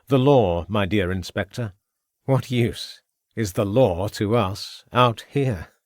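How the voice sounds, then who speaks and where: A man's voice: on the low side, slow, a little mellow, no echo, clean studio sound. A man voicing a scheming murderous villain who talks in a sneering, gloating way.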